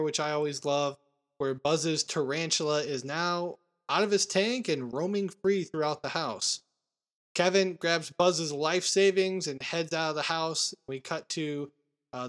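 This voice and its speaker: A man hosting a casual podcast, retelling movie scenes with animated quoted lines. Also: a little high. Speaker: podcast host recapping a film. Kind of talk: casual chat.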